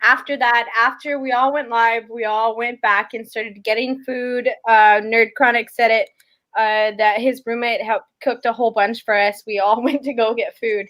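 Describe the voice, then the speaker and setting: High-voiced, lively young woman. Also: moderate pace. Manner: animated storytelling, lots of laughter. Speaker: podcast co-host. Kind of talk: casual chat.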